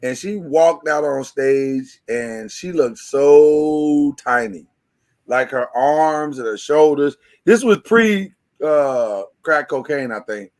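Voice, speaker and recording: A man's voice: fairly high pitch, animated, takes it slowly, a little mellow. Emphatic man hosting a podcast. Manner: emphatic, repeats words when starting a thought. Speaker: podcast host. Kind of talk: casual podcast discussion.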